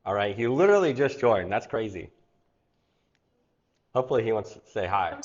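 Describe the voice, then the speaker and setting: A man's voice: fairly low pitch, lively intonation, normal speed, highs cut off. A man hosting a live online cooking class, chatting casually and rambling into stories. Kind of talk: casual livestream class chat.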